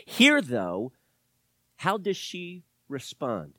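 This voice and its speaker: A middle-aged male pastor preaching a sermon, animated, swinging from loud exclamations to hushed, whispered asides. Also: on the high side, extremely slow, no room sound.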